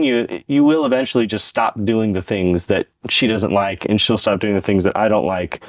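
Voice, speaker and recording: A man's voice: on the low side, no echo. Earnest man giving relationship advice. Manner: earnest, explanatory, acts out quoted lines. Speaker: podcast co-host. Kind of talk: casual relationship-advice chat.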